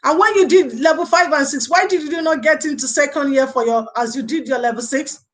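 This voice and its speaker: A woman's voice: high voice, fairly quick. A woman hosting a casual live stream as a lecturer, chatting and answering viewers' comments in a rambling way, often saying "okay" and "you know". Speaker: live show host and early childhood lecturer.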